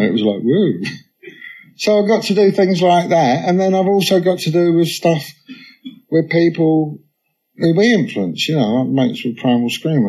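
A musician guest in an on-stage conversation speaks at medium pitch with a slightly rough voice, and the recording is low quality. He trades casual stories sprinkled with "you know," animatedly quoting others in quick bursts.

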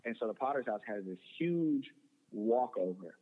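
Over a loud crowd, an animated young man with a medium-pitched voice shares a personal testimony as a guest, speaking earnestly at a moderate pace and frequently repeating and restarting. The sound is tinny, like a phone, with a long reverb.

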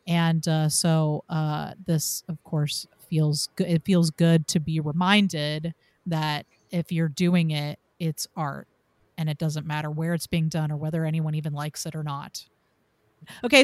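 Thoughtful woman host, low and dry. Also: unhurried, no room sound. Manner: thoughtful, circling back to her point. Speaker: podcast host. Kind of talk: casual discussion.

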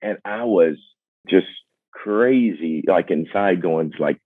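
Older male singer-songwriter, low voice, earnest and self-mocking storyteller; thin phone-like sound. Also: no room sound. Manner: earnest and reflective, self-deprecating, halting restarts. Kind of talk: candid personal storytelling. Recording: dry, phone-like narrow sound.

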